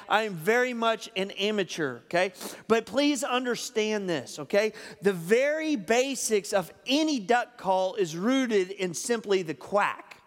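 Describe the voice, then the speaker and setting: Folksy preacher with a high voice. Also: male voice, long reverb tail. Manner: folksy, repeats "okay?" often. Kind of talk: sermon with illustration. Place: church hall.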